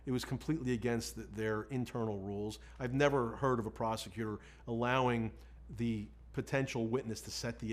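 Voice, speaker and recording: Candid man recounting a legal case. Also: mid-range voice. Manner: candid, self-deprecating, quotes himself and others. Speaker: defense lawyer. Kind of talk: storytelling in an interview.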